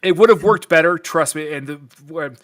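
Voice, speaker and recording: A man's voice: a little high, a little fast, fairly bright tone. A man appearing as a podcast guest in casual chat, joking and teasing.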